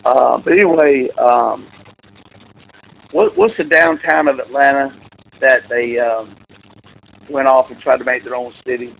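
A man's voice: medium pitch, sing-song, a little slow, creaky, pauses often, a little hiss or hum. A man, a football coach, telling rambling, self-correcting stories with frequent laughs, over a tinny, phone-like line. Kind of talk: casual storytelling.

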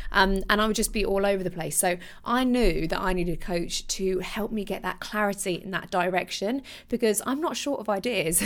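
A young woman hosting her podcast, chatting casually and animatedly with restarts and laughs. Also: mid-range voice. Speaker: podcast host. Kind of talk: casual solo podcast talk.

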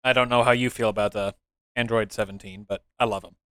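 A man co-hosting a podcast, chatting casually and excitedly about a mobile game, joking and laughing. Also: fairly low pitch, quick pace, dry recording, studio quality. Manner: excitable, laughs a lot, jokey. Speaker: podcast co-host.

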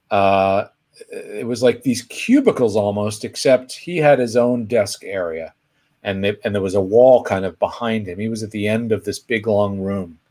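A man co-hosting a casual chat, telling stories with lively pitch jumps and laughter. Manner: animated storyteller, pitch leaping when excited. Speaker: host.

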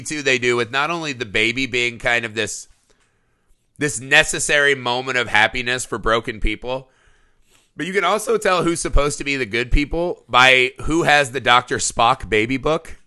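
Bright-voiced laughing man telling stories. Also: mid-range voice, smooth. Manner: laughing often, storytelling, profane. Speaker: podcast co-host. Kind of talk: casual film discussion.

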